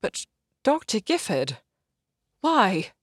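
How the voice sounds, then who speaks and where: A man's voice: high-pitched, huge pitch swings, slow pace, slightly rough, no echo, studio quality, voice pushed up, exaggerated voice. A narrator voicing a principled young woman doctor who argues earnestly and sharply. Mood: impassioned. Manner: earnest, pleading, then sharp.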